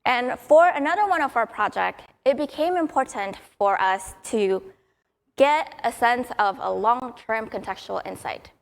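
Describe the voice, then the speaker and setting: A woman's voice: on the high side, unhurried, gravelly. A young adult woman giving a prepared conference talk in an upbeat, storytelling way. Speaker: conference speaker.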